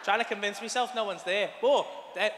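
A man's voice: high voice, brisk, background noise. Male comedian, sweary crowd banter, stage mic, reverberant club room, faint murmur behind. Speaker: stand-up comedian. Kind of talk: live stand-up routine.

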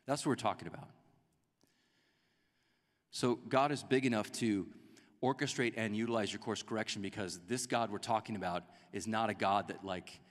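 A man preaching a sermon as a pastor, in a conversational, animated way that acts out quotes. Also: lowish voice, normal speed, big-room sound. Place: church sanctuary.

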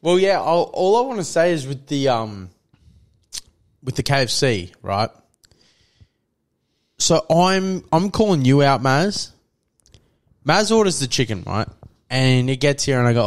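A man's voice: mid-range voice, sing-song, a little slow, long pauses. A young man, co-hosting a podcast and telling long stories about a night out with friends. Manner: rambling storyteller, many fillers, quotes friends. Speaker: podcast co-host. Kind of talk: casual chat.

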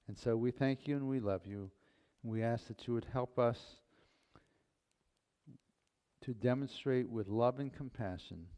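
Slow-speaking male pastor preaching. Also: fairly low pitch, dark tone. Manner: folksy, playful, unhurried preaching. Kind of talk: sermon and closing prayer. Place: church sanctuary.

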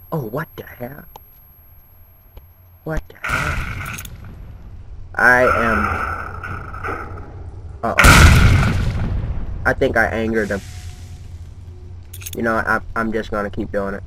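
A man's voice: on the low side, fairly even intonation, slow, pauses often, over music. A man giving nervous, jumpy let's-play commentary while talking to himself. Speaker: gamer. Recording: noisy home game recording.

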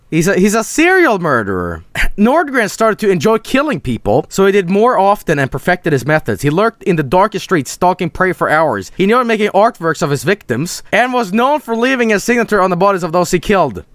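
A young man streaming a game, swearing and sarcastic, swinging between yelling and low mumbles. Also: very animated, normal speed, dry recording.

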